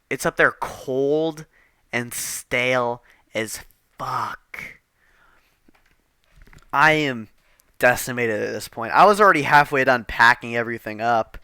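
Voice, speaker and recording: A man's voice: mid-range voice, sharp tone, smooth, no echo, clean studio sound. A man telling a rambling, profane storytime, exasperated and casual.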